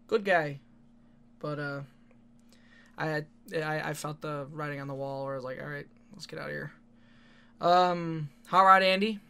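A man rambles through stories from his wrestling matches in a loose, profane, laughing way. His voice is bright and clear, pitched a little above the usual for a man. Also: steady tone, moderate pace, pauses often. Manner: rambling, laughs often, swears casually. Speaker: independent wrestler. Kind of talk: casual storytelling monologue.

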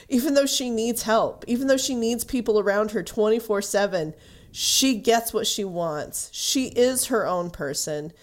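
A woman's voice: a little high, a little slow. A woman co-hosting a podcast, chatting casually about a novel with many fillers and laughs. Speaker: podcast co-host. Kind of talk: casual book discussion.

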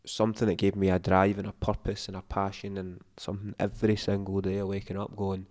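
Low-voiced man telling a story, dry sound. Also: monotone, fast talker, a little mellow, dry recording. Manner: emotional, swearing storyteller. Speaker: podcast guest. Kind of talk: casual interview chat.

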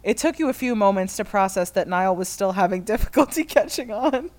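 A woman's voice: medium pitch, animated, a little fast, a little mellow. Woman reading fan fiction aloud. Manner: reads aloud, breaking into laughter. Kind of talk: comedic dramatic reading.

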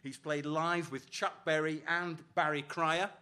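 A male host introducing a musical act to a live audience, crisp and building. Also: fairly high pitch, fairly even intonation, measured pace, sharp tone.

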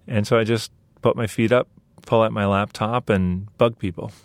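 A man's voice: on the low side, steady tone, normal speed, no echo. A middle-aged man from Scotland, a guest in an interview, talking with dry, self-deprecating wit. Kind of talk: casual interview talk.

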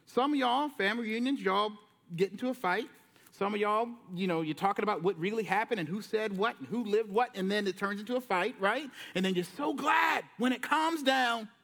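A man preaching a sermon from a church, telling the story with lively voices and casual slang. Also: sits high, a little fast. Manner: lively storytelling, acting out Jesus and disciples in slang. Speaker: pastor. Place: church sanctuary.

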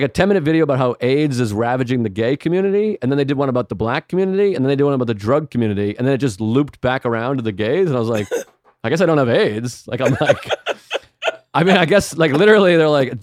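Fast-talking man telling stories. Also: mid-range voice, expressive, a little mellow, no echo, clean studio sound. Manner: rapid, rambling storytelling with frequent "like". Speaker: comedian guest. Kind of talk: casual podcast chat.

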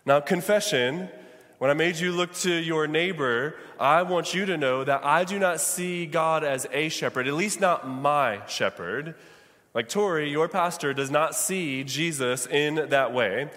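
Male pastor, high voice, preaching in a church hall with long reverb. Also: a little slow, a bit bright. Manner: preaching with call-and-response to the congregation. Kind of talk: sermon.

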